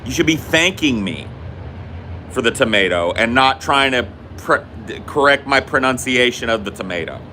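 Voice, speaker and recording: A man's voice: mid-range voice, lively intonation, moderate pace, bright, forceful tone, a little hiss or hum. A man from the United States co-hosting a podcast, trading casual banter and ranting in a profane, teasing way. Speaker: podcast co-host.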